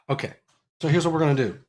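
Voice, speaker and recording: A man from Pittsburgh with a Pittsburgh accent, hosting a live technical Q&A and explaining electrical code in quick, energetic bursts with frequent fillers. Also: a little high, noisy background. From Pittsburgh, USA. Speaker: electrical engineering educator.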